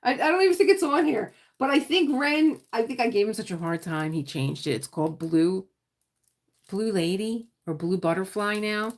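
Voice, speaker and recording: A middle-aged woman chats casually on a diamond painting livestream, rambling and often trailing off as she hunts for words. Her mid-range voice is expressive and moves at a normal speed.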